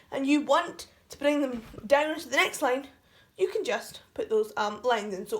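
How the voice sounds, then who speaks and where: Woman teaching vocab, high voice, chatty with lots of ums, echoey room and a bit far off the mic. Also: a bit bright. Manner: chatty, explanatory, with fillers. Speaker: French teacher. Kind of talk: classroom-style vocabulary lesson.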